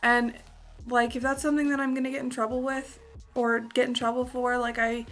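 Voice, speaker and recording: Young woman venting, higher voice. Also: fairly quick, faint music behind. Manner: venting, frustrated, peppered with "like"; quotes others in lively put-on voices. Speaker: vlogger. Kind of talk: casual chat.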